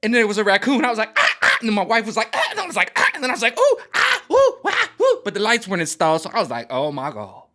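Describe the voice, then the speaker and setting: Man doing a frantic comic impression, high yelping voice, loud, bright tone. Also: big pitch swings, racing, few pauses, full character voice. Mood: frantic storytelling. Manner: high, yelping, over-the-top. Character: impression of a famous male comedian, excitable.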